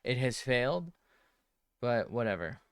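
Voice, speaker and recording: A man's voice: medium pitch, very animated, a little slow, smooth, no echo, studio quality. A man streaming himself drawing, muttering to himself in casual commentary, swearing often and joking at his own expense.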